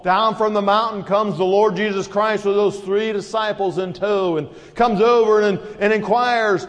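A man's voice: high-pitched, big-room sound. A man preaching a sermon as pastor, earnest and rising to emphatic peaks.

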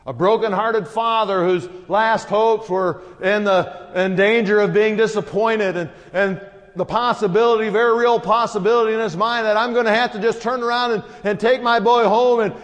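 Male pastor, higher voice, earnest sermon delivery with emphatic peaks, reverberant hall. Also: fairly even intonation, moderate pace, muffled recording.

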